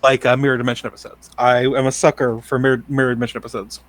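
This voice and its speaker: A man's voice: medium pitch, level tone, racing, a bit bright, dry recording. A man co-hosting a podcast, loose and enthusiastic in casual chat, with some cursing. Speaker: podcast co-host.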